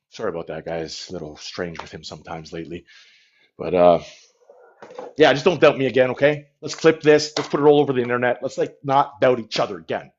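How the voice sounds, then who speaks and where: A man's voice: mid-range voice, fairly quick, darkish tone, a little hiss or hum. A man in a comedic livestream, rambling and boasting to his viewers, talking into a phone held at arm's length. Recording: dull lo-fi phone stream.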